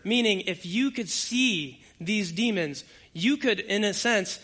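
A male pastor preaches with a bright, forceful tone and a voice that sits a little high for a man. He talks conversationally and hits his points hard. He speaks straight to the people in front of him. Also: lively intonation, takes it slowly. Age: adult with young children. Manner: conversational, emphatic preaching that addresses the congregation directly. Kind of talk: expository sermon.

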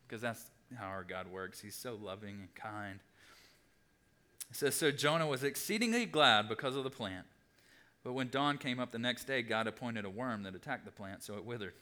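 A young adult man preaching a sermon, animated, acting out the people in the story with big jumps in his voice. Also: moderate pace. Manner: animated, acts out voices with big pitch swings. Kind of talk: sermon teaching.

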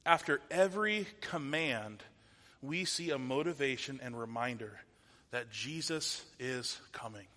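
A pastor in his thirties delivers a conversational sermon, posing rhetorical questions to his audience. His mid-range voice is unhurried with a sharp tone, and the recording carries a long hall reverb.

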